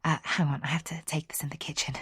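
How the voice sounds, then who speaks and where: A woman voicing a smitten young woman who speaks in a hushed, secretive, amused whisper. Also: mid-range voice, animated, moderate pace, breathy edge, no echo, studio quality, pitched above the performer's own voice. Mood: hushed, smiling.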